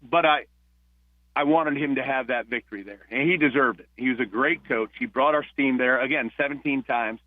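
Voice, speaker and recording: A man's voice: mid-range voice, no echo. Man on a tinny phone line. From New Jersey. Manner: warm storyteller, halting restarts. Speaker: guest, retired police officer. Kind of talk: phone-in radio interview.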